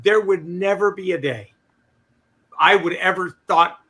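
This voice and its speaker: A man co-hosting a comedy politics podcast, swearing freely in loose, animated banter. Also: sits high, unhurried, husky. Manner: animated, swears a lot, mimics quoted people. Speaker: podcast co-host.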